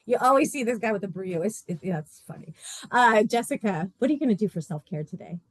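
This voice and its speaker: A woman's voice: mid-range voice, lively intonation, fast talker, dry recording. A woman leading a support group session in a casual, playful and blunt way, laughing often.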